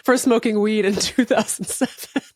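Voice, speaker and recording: A woman in her forties co-hosting a podcast, telling a comic story in a lively way and laughing often. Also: mid-range voice, moderate pace, no echo, studio quality. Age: 40s. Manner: animated, laughs through her own stories. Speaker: podcast co-host. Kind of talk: casual chat, comic storytelling.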